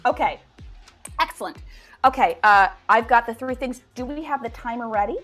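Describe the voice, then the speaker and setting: A woman improv performer running a live game over a video call, playful and animated. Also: a little high, moderate pace, soft background music. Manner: animated, bursts into gibberish sounds.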